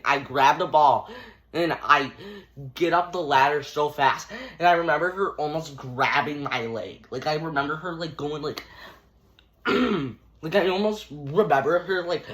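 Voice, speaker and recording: Teen boy, bright voice, casual storytime vlog, rambling, filler-heavy. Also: on the high side. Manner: acts out scenes with hand gestures. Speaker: storytime vlogger.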